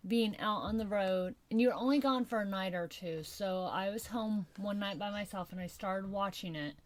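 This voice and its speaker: A woman's voice: mid-range voice, moderate pace. Woman on a podcast, giggles a lot, chatty, mid voice. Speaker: podcast co-host. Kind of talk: casual chat.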